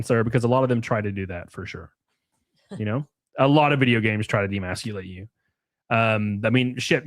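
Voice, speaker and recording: A man streams live at a middle pitch, talking loosely and crudely with frequent laughs. His voice is dry and close to the mic, with no room around it. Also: no echo. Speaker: streamer reacting with chat. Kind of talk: casual livestream chat.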